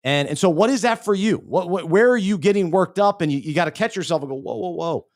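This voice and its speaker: A middle-aged man co-hosts a faith-based podcast, his voice sitting high and moving at a quick pace. The sound is clean studio audio with no room sound. He talks earnestly in a casual way, often interrupting himself, restarting and repeating words.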